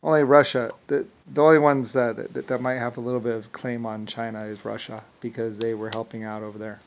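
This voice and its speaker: Man with a gravelly, mid-pitched voice, rambling and halting through a loose monologue. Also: flat delivery. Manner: halting, repetitive, many fillers and restarts; chuckles while telling stories.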